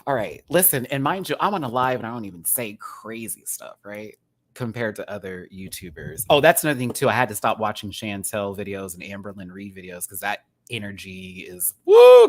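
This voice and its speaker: A man hosting a casual live-stream rant, chatty and rambling, with sudden bursts of high laughter. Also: a bit bright, no echo. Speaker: YouTube commentary host.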